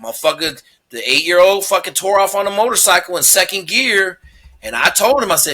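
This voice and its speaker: Bright, high-voiced profane storyteller man. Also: animated, a little fast. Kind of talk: casual chat.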